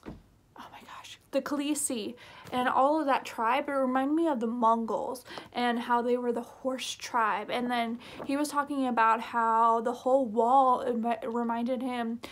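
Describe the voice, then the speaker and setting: A woman's voice: a little high, fairly even intonation, a little slow, slight background noise. A woman chatting casually in a book review vlog, gushing and rambling with lots of fillers.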